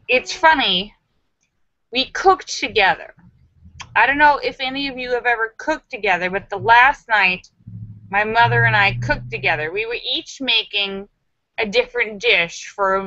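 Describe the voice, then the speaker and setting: A woman's voice: medium pitch, bright, forceful tone, no echo, highs cut off. A woman hosting a casual live stream, chatting and telling jokes, laughing often and acting out quoted voices.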